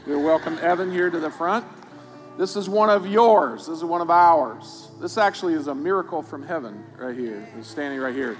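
A man's voice: a little high, animated, normal speed. A male pastor leading the offering with a casual, upbeat manner, then praying. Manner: casual, upbeat, hesitant with fillers. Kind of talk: offering appeal and prayer. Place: church sanctuary. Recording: church hall reverb with faint music.

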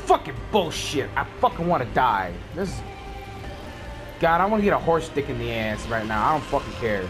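A man's voice: medium pitch, lively intonation, normal speed, over music. A young man ranting furiously while gaming, swearing and snapping at teammates, sweaty and worked up. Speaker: gamer streaming gameplay. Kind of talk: angry gaming rant.

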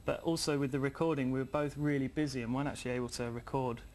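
A man being interviewed as a singer on a morning TV show. He speaks quickly at a middling pitch and sounds upbeat and keen. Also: fairly even intonation, a little mellow, slight background noise. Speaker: guest singer. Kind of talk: casual studio interview. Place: TV studio.

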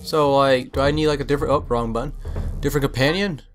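A young man giving casual let's-play commentary, full of excited, puzzled exclamations. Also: mid-range voice, quick pace. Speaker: gameplay commentator. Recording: game music under voice.

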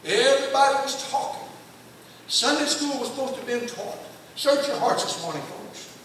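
A man's voice: very high-pitched, expressive, normal speed, fairly bright tone, a little hiss or hum. An older man preaching a sermon, telling a long personal story in a folksy, emphatic way. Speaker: guest preacher. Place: church sanctuary. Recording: echoey church hall from far off.

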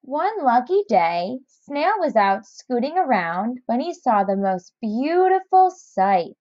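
Slow, expressive woman reading a storybook. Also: a little high, dry recording, muffled recording. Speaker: narrator. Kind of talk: storybook read-aloud.

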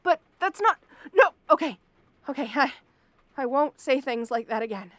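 A woman's voice: high-pitched, lively intonation, normal speed, a bit bright, dry recording. A young woman acting a frightened captive in an audio drama, stammering and pleading. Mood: pleading, scared. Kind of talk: audio role-play.

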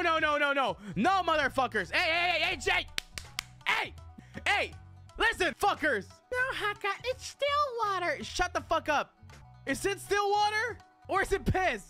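A woman streamer in a casual livestream rant, heated and profane, swinging between mock outrage, shouting and laughter. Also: high voice.

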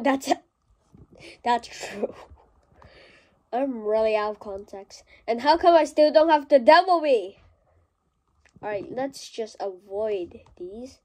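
Slow-talking, higher-voiced woman gamer. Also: darkish tone. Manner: rambling, self-mocking, jokey. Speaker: gameplay vlogger. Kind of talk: casual gameplay commentary. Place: small desk at home.

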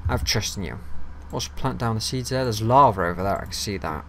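A man's voice: on the low side, quick pace, slight background noise. Chatty young guy gaming. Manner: chatty, talks to viewers and mobs, swears freely; gets loud and excited when ambushed. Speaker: gaming video host. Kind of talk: casual let's-play commentary.

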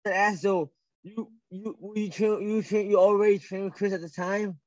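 A man hosting a podcast, reacting with quick, slangy, excitable interjections. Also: high voice. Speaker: podcast host. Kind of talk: casual chat. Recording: dull lo-fi audio.

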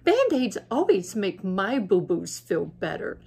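A clever storybook fox, voiced by a woman, calm and knowing. The voice is breathy and slow-paced. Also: mid-range voice, full character voice.

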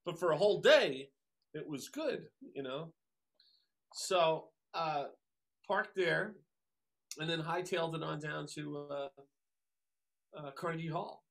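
A man, a drummer telling stories as a guest, animated and acting out the voices of people he quotes. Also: on the high side, takes it slowly, vocal fry, pauses often. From Long Island, New York. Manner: animated, acts out quoted voices, many fillers. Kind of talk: casual storytelling interview.

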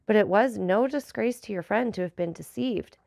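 A woman voicing a grateful, devoted male bandit messenger in a measured storybook reading. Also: mid-range voice, vocal fry, a little mellow, no echo, studio quality, natural voice.

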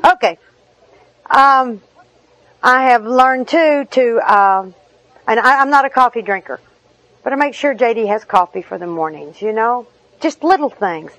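A woman's voice: on the high side, expressive, unhurried, pauses often, fairly bright tone, low-quality recording. A middle-aged woman, giving a personal recovery talk in a humorous, chatty storytelling manner with asides. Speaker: recovery meeting speaker.

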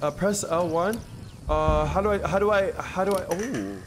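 A man's voice: sits high, normal speed, heavy background noise. A young man streaming a video game, giving hyped, joking commentary full of slang, swearing and trash talk. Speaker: gaming streamer. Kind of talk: casual let's-play commentary.

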